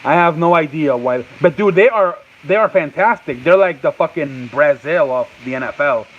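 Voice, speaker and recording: A man's voice: fairly high pitch, lively intonation, moderate pace, phone-quality sound. A man hosting a casual sports talk show, rambling and restarting his sentences and answering people off-mic. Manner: rambling, repeats himself, restarts often; answers off-mic chat and reads live comments.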